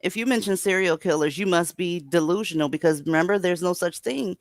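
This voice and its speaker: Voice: mid-range voice, a little fast, a crowd in the background. A livestream host leading a casual call-in chat, blunt and sarcastic, calling panelists in one by one.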